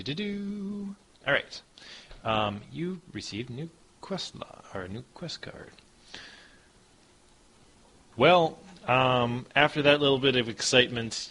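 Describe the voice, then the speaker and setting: A man runs a tabletop game as its narrator, his bright, forceful voice describing scenes in a loose, halting way full of ums and likes. He sounds casual and unscripted. There is a faint hiss under the recording. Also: mid-range voice. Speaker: game master.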